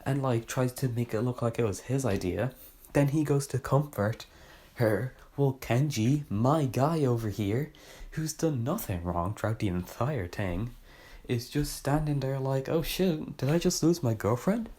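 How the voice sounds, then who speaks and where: A man's voice: mid-range voice, unhurried, mellow. A young man casually reviewing a book, rambling and sarcastic, often correcting himself mid-sentence.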